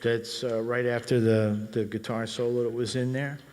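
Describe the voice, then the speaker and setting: A middle-aged man leading a band and explaining jazz phrasing in a relaxed, talky way, scatting rhythms aloud. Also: mid-range voice, moderate pace, long reverb tail. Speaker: bandleader and guitar teacher. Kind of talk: explaining music in a clinic.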